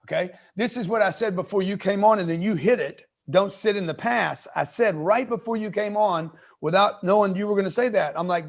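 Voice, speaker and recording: Assertive man with a very high voice. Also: fairly quick, creaky, few pauses. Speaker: host. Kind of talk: casual interview chat.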